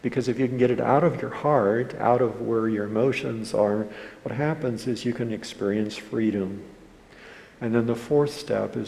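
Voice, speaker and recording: A man's voice: medium pitch, moderate pace, creaky, a little mellow. A man preaching as a pastor, telling a story in an earnest way and acting out the people in it. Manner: earnest storytelling, quoting others in dialogue. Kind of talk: sermon with a storytelling anecdote. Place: church hall. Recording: hall reverb with faint room noise.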